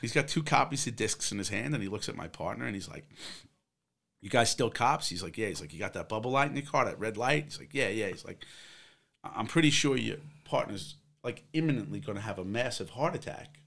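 A man's voice: fairly low pitch, animated, fairly quick, creaky, a bit bright. A middle-aged man, a former police officer, telling a long personal story in casual conversation, with many fillers and quoted exchanges. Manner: rambling, acts out others' quotes, many fillers.

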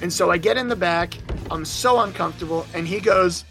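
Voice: mid-range voice, moderate pace, fairly bright tone, faint music behind. A young adult touring musician casually telling a road story, wry and profane, acting out the other people's voices.

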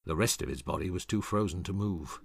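A man reading a scripted history narration in a dramatic, expressive way into a close studio mic. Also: low-pitched, brisk, creaky, slightly rough, no room sound.

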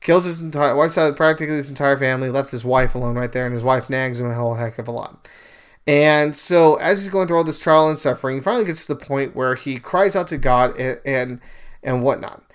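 A young man hosting a podcast, retelling a story in a casual, animated monologue, with sudden louder bursts. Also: mid-range voice, brisk, clean tone. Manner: animated storyteller, paraphrases scenes in bursts of raised voice. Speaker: podcast host. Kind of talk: casual religious commentary monologue.

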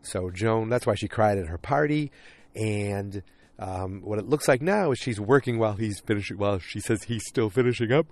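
Lowish-voiced tired man with a cold, rambling casual recap. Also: lively intonation, moderate pace, darkish tone, dry recording. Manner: rambling, full of fillers. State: tired and getting over a cold. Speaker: TV episode recapper.

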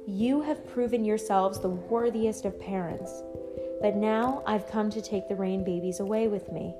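A woman reading aloud, voicing a gentle, magical motherly spirit who speaks in a calm, tender and reassuring way. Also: medium pitch, unhurried, music in the background, natural voice. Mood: solemn.

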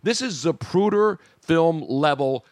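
A man hosting a sports talk show, excitably breaking into the news and calling a goal. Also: on the high side, a little slow, dry recording, clean studio sound. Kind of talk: live sports talk stream.

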